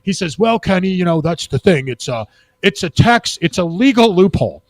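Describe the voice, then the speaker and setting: A man from Texas, a talk show guest who tells long rambling anecdotes in a casual, animated way over a remote call from a high-rise apartment. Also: normal speed, dry recording.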